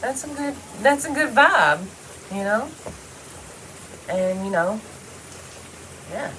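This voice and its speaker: A woman's voice: a little high, lively intonation, takes it slowly, fairly bright tone, slight background noise, rough recording. A woman talking straight to the camera in a casual personal monologue, blunt and heavily profane, rambling loosely from one thought to the next. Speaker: vlogger.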